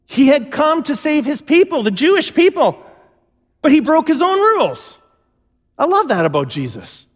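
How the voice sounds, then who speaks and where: A man's voice: extremely high pitch, big pitch swings, normal speed. A male pastor preaching a sermon, telling stories and acting out the lines he quotes. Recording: long hall reverb.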